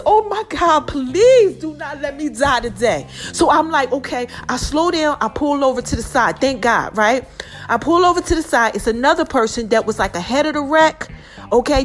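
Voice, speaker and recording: A woman in her forties from New Jersey, hosting her own podcast and telling a story in an animated, emphatic, slangy way. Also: high voice. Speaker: podcast host. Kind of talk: casual storytelling monologue.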